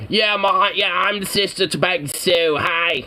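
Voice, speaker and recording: A man's voice: sits high, unhurried, sharp tone, a little hiss or hum, pitched above the performer's own voice, full character voice. A man voicing a slimy woman with a put-on Jersey-ish accent and a brash, drawling manner. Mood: sleazy.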